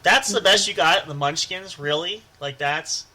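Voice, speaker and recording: A man's voice: sits high, unhurried, sharp tone. A man co-hosting a casual podcast chat who laughs often and breaks into stammering movie impressions. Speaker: podcast co-host.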